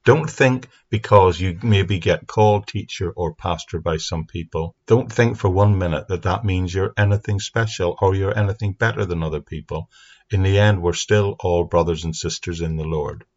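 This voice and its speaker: A man giving an earnest, steady Bible teaching talk into a microphone for an online audience. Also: deep voice, moderate pace. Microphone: speaking into a mic. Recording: dull lo-fi sound.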